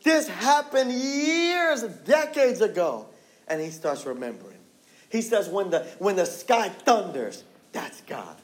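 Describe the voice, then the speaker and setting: High-voiced passionate young preacher man. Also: big pitch swings, unhurried. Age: 20s. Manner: passionate, repetitive, drops low for emphasis. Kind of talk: sermon.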